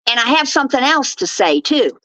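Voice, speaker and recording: A woman's voice: sits high, very animated, fairly quick, fairly bright tone, no echo, poor audio. An older woman from Texas, hosting her own show with blunt, profane, scolding rants. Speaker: show host. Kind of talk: ranting commentary.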